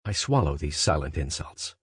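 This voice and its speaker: A man reading a literary story aloud as a first-person monologue. He speaks in a measured, conversational way and then rises into sudden emphatic questions. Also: very deep voice, sing-song, breathy edge, no echo. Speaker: audiobook narrator. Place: studio booth. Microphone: close studio mic.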